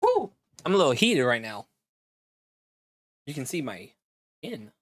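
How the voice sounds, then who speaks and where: A man casually opening and reviewing trading cards at home, reading card text aloud haltingly and reacting as he goes. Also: medium pitch, very animated, a bit bright, dry recording. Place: own room at home.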